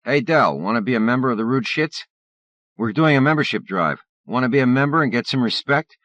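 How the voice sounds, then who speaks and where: A man's voice: mid-range voice, expressive, brisk, fairly bright tone, pitched above the performer's own voice, natural voice. A man voicing a swaggering teenage bully boy who taunts in a crude, jeering way.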